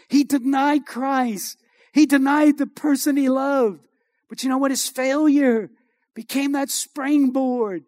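A man with a very high voice preaches a sermon from a church, swelling into rousing emphasis. The sound is dry and close. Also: a little mellow, dry recording. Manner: preaching with rising, exhorting emphasis. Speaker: pastor.

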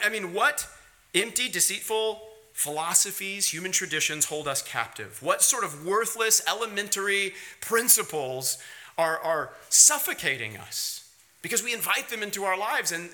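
A man preaching a sermon, hitting key words in high emphatic bursts, then easing into quiet, wry storytelling. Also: animated, moderate pace. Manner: drops to quiet, wry storytelling with light laughs. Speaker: pastor.

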